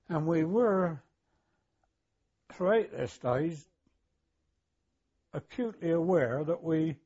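Older man, husky, hesitant and chuckling. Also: a little high, darkish tone, dull audio. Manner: hesitant, many fillers, throat clearing and chuckles. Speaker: war veteran interviewee. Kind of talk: oral history recollection.

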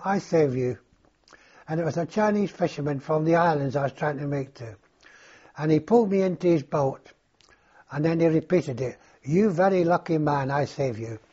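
An older man being interviewed, telling his own story in a halting, reflective way, on a dull lo-fi recording. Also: on the high side, mellow, husky. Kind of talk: oral history recollection.

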